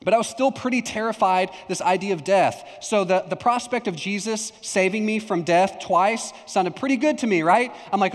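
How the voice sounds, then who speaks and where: A man's voice: high voice, fairly quick, few pauses. A young adult male pastor from Texas preaching a conversational sermon, telling a personal story and acting out remembered lines. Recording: long hall reverb.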